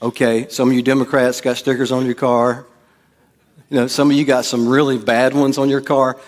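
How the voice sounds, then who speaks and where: A pastor preaches in church with a casual, humorous style, dramatizing the quotes he uses. He speaks at a moderate pace in a mid-range voice with little pitch movement.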